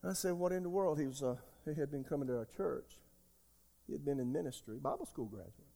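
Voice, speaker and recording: A man in his sixties preaching a sermon as pastor, emphatic, jumping between loud outbursts and quiet asides. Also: mid-range voice, expressive, brisk, gravelly. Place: church sanctuary. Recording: long hall reverb.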